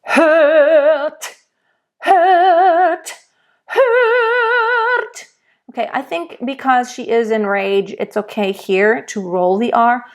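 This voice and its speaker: A woman's voice: medium pitch, moderate pace, hardly any pauses. A woman voice teacher giving a diction lesson for singers. She explains patiently, then demonstrates each word aloud with strongly stressed consonants. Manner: rolls and stresses German consonants in her demonstrations.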